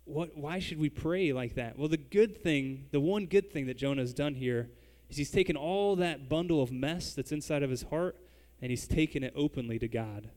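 A man's voice: mid-range voice, normal speed, few pauses, a little mellow, big-room sound. A man preaching a sermon, speaking conversationally and addressing the congregation directly. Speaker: pastor.

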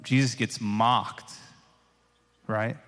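A man's voice: fairly low pitch, steady tone, very slow, a bit bright. A man preaching a sermon in a loose, conversational way, often adding "like" and "right?" as he reads and explains scripture. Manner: casual, conversational, many filler "like"s and "right?"s. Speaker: pastor. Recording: long hall reverb.

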